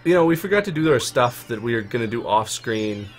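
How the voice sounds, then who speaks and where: A young man of middle pitch talks casually over gameplay, trading quick nerdy banter and playful asides. Faint game music sits underneath. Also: animated. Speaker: let's play co-host.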